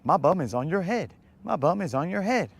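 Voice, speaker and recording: A man's voice: high-pitched, very animated, fairly quick, gravelly, slightly rough, voice pushed up, exaggerated voice. A man doing a goofy prankster chant. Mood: goofy taunting.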